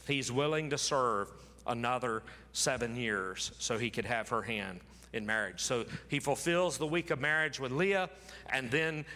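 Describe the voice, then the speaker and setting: A man's voice: mid-range voice, measured pace, bright, forceful tone, in a large hall. A man preaching a sermon, reading scripture aloud dramatically and repeating phrases for emphasis. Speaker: pastor.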